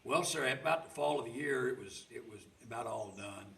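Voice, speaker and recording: A man's voice: medium pitch, fairly quick, creaky, fairly bright tone. Older male storyteller, rambling homespun delivery, recorded off-mic in an echoey room. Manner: homespun, rambling, repeats words. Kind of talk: folksy spoken storytelling. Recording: roomy sound from a distant mic.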